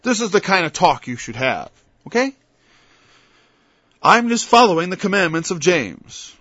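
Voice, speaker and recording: Guy preaching a sermon, kinda high voice, dull lo-fi sound, quiet asides then loud bible lines. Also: very animated, moderate pace, no room sound. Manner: quotes scripture in old-fashioned wording. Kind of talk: informal sermon.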